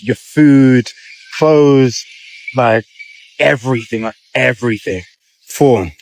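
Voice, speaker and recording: A man's voice: mid-range voice, no room sound. Young British man, mid-twenties, casual vlogger with a dry close mic. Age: 20s. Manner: casual, slangy, listing points. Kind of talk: casual vlog to camera.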